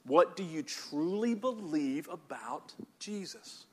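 High-voiced preacher man, emphatic. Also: animated, takes it slowly, a little mellow, breathy edge. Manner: emphatic, asks the congregation to repeat words. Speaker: pastor. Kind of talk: sermon.

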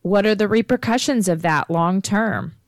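A woman's voice: mid-range voice, moderate pace, dry recording, clean studio sound. A woman hosting a podcast who affirms her guest often and asks probing follow-up questions. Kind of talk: conversational podcast talk.

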